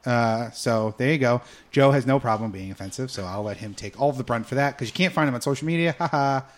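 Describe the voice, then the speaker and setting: A man's voice: mid-range voice, quick pace. A man hosting a casual podcast, moving through news topics with dry joking asides. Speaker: podcast host. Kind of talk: casual chat.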